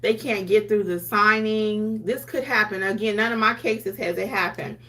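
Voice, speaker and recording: A woman's voice: medium pitch, fairly even intonation, moderate pace, sharp tone. A woman notary educator talking casually to camera, chatty and conversational. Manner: chatty, conversational, acts out clients' lines. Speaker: notary educator and YouTube host. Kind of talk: casual teaching talk to camera.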